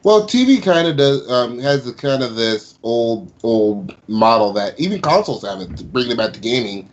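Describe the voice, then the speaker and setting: A man's voice: medium pitch, expressive, moderate pace, muffled recording. A man who runs a gaming channel, talking on a casual podcast, opinionated and given to casual swearing. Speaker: YouTube gaming channel host.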